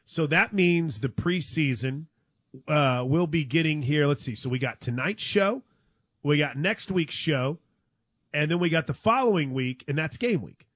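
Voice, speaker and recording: A man's voice: a little high, expressive, measured pace, fairly bright tone, no echo. Upbeat man hosting sports talk. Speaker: sports show co-host.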